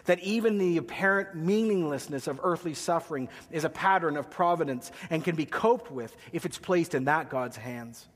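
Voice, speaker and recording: A man's voice: a little high, lively intonation, moderate pace, few pauses, big-room sound. Man preaching with joking asides. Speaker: pastor. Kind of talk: sermon.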